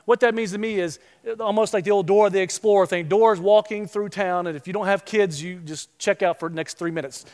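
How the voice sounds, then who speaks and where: A man preaching a sermon as pastor, animated and acting out the voices he quotes. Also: high voice, brisk, hardly any pauses, long reverb tail.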